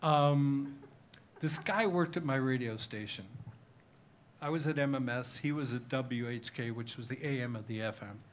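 A man's voice: mid-range voice, moderate pace, slight background noise. An older man from Cleveland, Ohio, telling self-mocking, name-dropping stories about his own memoir at a live tavern talk. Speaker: memoir author, guest. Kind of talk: anecdotal storytelling at a live talk.

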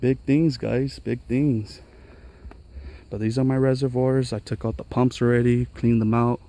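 A man's voice: mid-range voice, little pitch movement, a little slow, dark tone. A man giving an enthusiastic, chatty outdoor tour of his pepper garden for viewers. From Los Angeles area. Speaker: gardening vlogger. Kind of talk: casual garden walkthrough vlog. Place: outdoors on a mountain trail garden.

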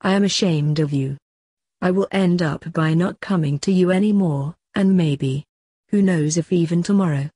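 A woman's voice: lowish voice, normal speed, warm tone, husky, no echo, clean studio sound. A woman reading as a stern guardian angel. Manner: severe, scolding.

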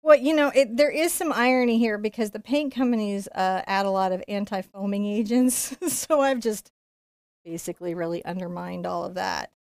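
A woman teaching a live-streamed painting lesson, chatty and playful, going quiet while she concentrates. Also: mid-range voice, moderate pace, no echo, clean studio sound. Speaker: painting instructor.

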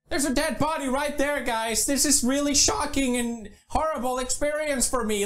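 A man doing goofy comedy sketches on camera, clowning in a mock-dramatic way and bursting into shouts. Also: very high voice, unhurried. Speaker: YouTuber.

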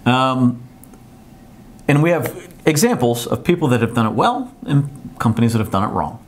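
A man's voice: mid-range voice, expressive, normal speed, slight background noise. A man hosting a casual live-stream chat, talking animatedly and reading posts aloud with laughs. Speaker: host.

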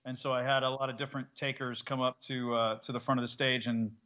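A male voice actor chatting casually as an interview guest, animated and quick to laugh, trying out accents as he talks. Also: medium pitch, lo-fi sound.

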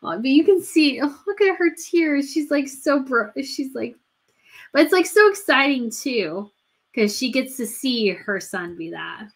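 A woman's voice: sits high, big pitch swings, unhurried. A woman hosting a casual livestream, gushing and chatty, with many fillers and restarts. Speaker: royal news livestream host.

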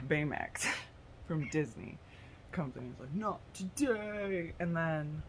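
A tarot vlogger, a woman with a low-pitched voice, rambles slowly through a silly story idea in a casual monologue, and the recording is very noisy. She giggles, swears, and loses her train of thought.

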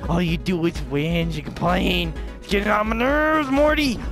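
A woman voicing a brash old grandpa scientist in playful game voice-over, slinging mock-Australian slang and shouting. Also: fairly low pitch, moderate pace, voice pushed down, lightly acted. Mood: bossy. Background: game music.

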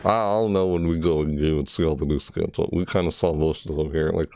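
A man's voice: very deep voice, steady tone, a little fast, creaky, warm tone, no room sound, studio quality. A man casually reacting to a game trailer, rambling and correcting himself as he goes. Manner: rambling, self-correcting, breaks into shrieked character impressions. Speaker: gaming video creator.

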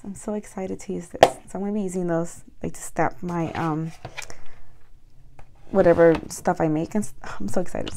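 A woman with a hoarse voice chatting casually as she counts out cash for a budgeting vlog, murmuring numbers and talking excitedly to viewers. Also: on the low side. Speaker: budgeting vlogger.

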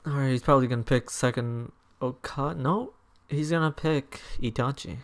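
A young man commentating his own online match, swearing and yelling in angry outbursts at his opponent. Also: medium pitch, normal speed. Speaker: gaming YouTuber. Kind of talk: live gameplay commentary.

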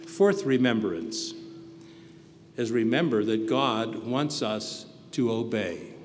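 A man giving a sermon as pastor, earnest, moving between quiet reflection and loud emphasis. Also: mid-range voice. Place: church hall. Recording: reverberant hall with faint background noise.

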